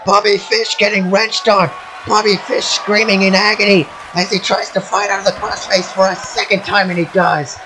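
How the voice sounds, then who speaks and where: A man doing excitable play-by-play commentary over a wrestling video game, often shouting at big moves. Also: high voice, gravelly, slight background noise, low-quality recording. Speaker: amateur commentator.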